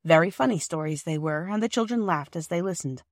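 A woman narrating a classic children's novel in a calm, measured storytelling manner. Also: on the low side, no echo, clean studio sound. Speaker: audiobook reader.

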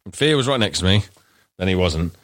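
A man's voice: low-pitched, expressive, a little fast, fairly bright tone. A man hosting a casual podcast over a video call, joking crudely and swearing freely as he tells stories. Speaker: podcast host.

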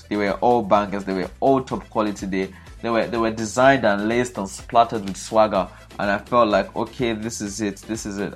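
A man giving animated football match analysis, exasperated and emphatic, often repeating himself for effect. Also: fairly low pitch. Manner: exasperated, repetitive, emphatic ranting. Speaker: football pundit.

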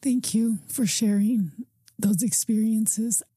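A woman hosting a podcast interview who speaks softly and gently. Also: fairly high pitch, breathy edge, no echo. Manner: soft, slow and gentle. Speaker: podcast host.

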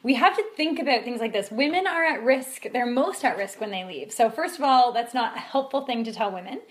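A woman co-hosting a casual discussion podcast, talking in an animated, indignant way with many fillers. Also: fairly high pitch, fairly quick. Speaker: podcast co-host.

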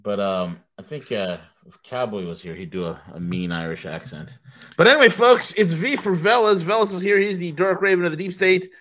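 A man co-hosting a podcast in casual chat, jokey, swinging between loud openings and low mumbled asides. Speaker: podcast co-host.

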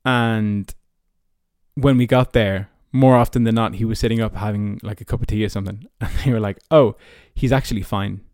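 A man's voice: fairly low pitch, little pitch movement, fairly quick, darkish tone, dry recording, studio quality. A man in his early twenties with an Irish accent, a podcast host telling personal stories in a casual, rambling way full of "like" and "you know". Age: early 20s. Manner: chatty, many fillers like "like" and "you know".

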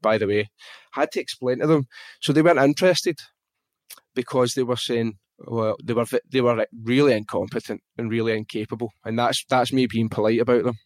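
A Scottish man with a Glaswegian accent and a mid-range voice appears as a podcast guest, recorded without room sound. He tells his own story openly and emotionally in easygoing conversation, animated and swearing freely at times.

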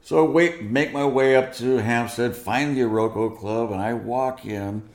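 A man being interviewed, telling a long anecdote in an animated way and acting out the dialogue. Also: medium pitch, moderate pace, echoey room. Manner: animated, acts out quoted dialogue. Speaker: guest musician. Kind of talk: storytelling interview.

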